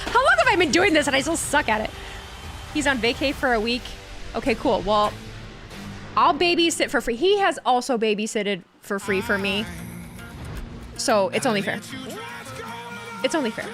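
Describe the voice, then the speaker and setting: A woman's voice: on the high side, animated, normal speed, long pauses, fairly bright tone, faint music behind. A young woman chatting casually on a live stream, sarcastic and talkative, reading chat messages aloud.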